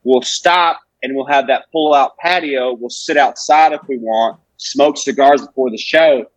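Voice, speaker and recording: A man's voice: medium pitch, a little slow, no room sound, low-quality recording. A man, a comedian chatting casually on a podcast and telling rambling, profane stories. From Alabama, US. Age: 20s. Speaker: comedian guest.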